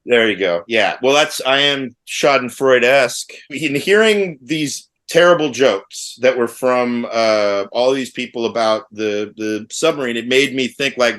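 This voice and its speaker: A man's voice: mid-range voice, lively intonation, a bit bright. A man in his forties, co-hosting a casual chat among old friends, rambling and restarting his sentences. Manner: rambling, halting with many restarts. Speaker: podcast co-host.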